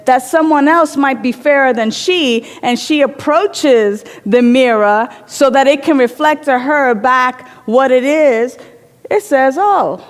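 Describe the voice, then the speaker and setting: In a large hall, a woman with a high voice delivers an inspirational sermon reflectively. She tells stories and repeats phrases for emphasis.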